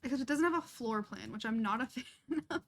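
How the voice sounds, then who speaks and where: A young woman with a slightly high, quick, fairly bright voice chats casually while live-streaming a life-sim game. She laughs often and pokes fun at herself in a chatty way.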